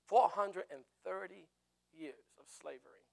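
A man preaching a sermon in an animated way, with jokey asides. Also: sits high, unhurried, creaky.

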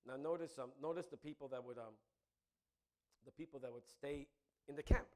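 A man preaching a sermon, swinging from loud emphatic bursts to quiet asides and laughing often. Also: medium pitch, a little fast. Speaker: pastor.

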